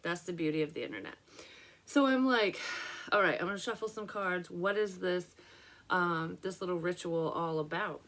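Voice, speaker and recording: A woman's voice: fairly low pitch, normal speed, fairly bright tone. A young woman, a psychic medium, chatting casually and emotionally about a card reading in a rambling way.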